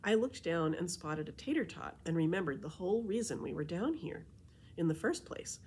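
A woman librarian reading a children's chapter book aloud in an expressive storytelling voice. Her pitch is low, yet it swings widely as she brings the story to life. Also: normal speed, a little hiss or hum.

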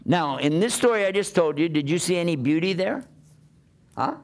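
Gravelly male preacher with rhetorical questions. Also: on the high side, lively intonation, normal speed. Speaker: Islamic preacher. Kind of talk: sermon.

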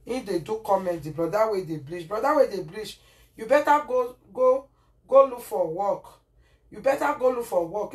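A woman's voice: mid-range voice, distant mic. A woman speaking Nigerian Pidgin in a home kitchen as she cooks for her vlog, scolding and repeating herself, often asking "Eh?". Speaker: cooking vlogger. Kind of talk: casual cooking vlog rant. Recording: voice from off the mic, faint noise.

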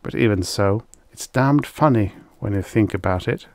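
A man voicing a nervous young male hunter who keeps talking himself into calm. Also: fairly low pitch, normal speed, dry recording, close to an everyday voice.

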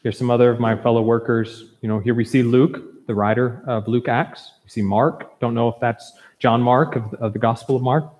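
A man preaching a sermon as pastor, earnest and emphatic, with warm conversational asides. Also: mid-range voice, steady tone, normal speed, few pauses, big-room sound. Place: church sanctuary.

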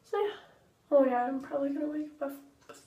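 Woman vlogger, high bright voice, rambling bedtime chatter, echoey room, off-mic, faint ambience. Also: steady tone, fast, far from the mic, lo-fi sound. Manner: rambling, chatty, drifts between thoughts. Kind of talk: casual daily vlog chat. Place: home, getting ready for bed.

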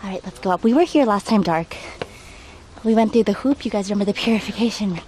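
A woman's voice: medium pitch, fast talker, mellow. A woman livestreaming while climbing outdoor stairs, out of breath, talking through a face mask and chatting casually with viewers by name. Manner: chatty, greets viewers by name, self-deprecating. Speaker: travel livestreamer. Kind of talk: casual livestream chat, reading chat aloud. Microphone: wearing a face mask while talking. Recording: outdoor livestream with background noise.

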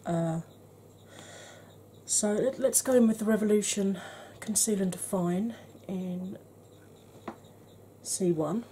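A middle-aged woman reviews makeup to camera in a mellow, warm voice. She chats frankly with dry humour and sometimes drops to a soft half-whisper. Faint noise hums behind her. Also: mid-range voice, measured pace. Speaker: beauty vlogger.

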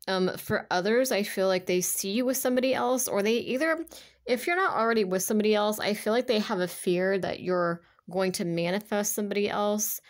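Chatty woman giving a tarot reading. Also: on the low side. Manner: chatty, rambling, many filler words. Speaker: tarot reader.

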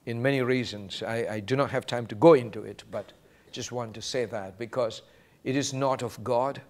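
A man preaching a sermon as pastor, quoting scripture and acting out short exchanges with animated delivery. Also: medium pitch, moderate pace.

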